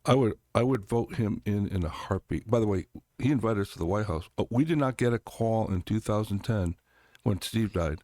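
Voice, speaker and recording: A man's voice: lowish voice, moderate pace, a little mellow, no room sound, clean studio sound. A middle-aged man, a congressional candidate, talking emphatically in an interview and telling stories with quoted voices. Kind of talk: animated political interview talk.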